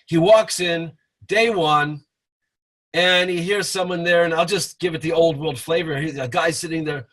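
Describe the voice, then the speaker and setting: Casting: husky, slightly high-voiced man, relaxed storytelling teacher on a webinar call. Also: moderate pace. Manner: storytelling with acted chanting. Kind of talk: informal teaching talk. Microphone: webinar call mic.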